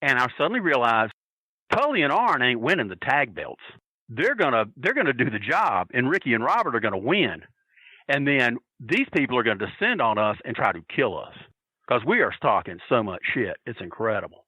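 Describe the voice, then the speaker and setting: Man guest on a podcast, excitable storyteller, swears a lot, lively pitch, bright voice. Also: brisk, husky, no room sound, poor audio. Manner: profane, excitable, acts out quotes. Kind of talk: animated storytelling.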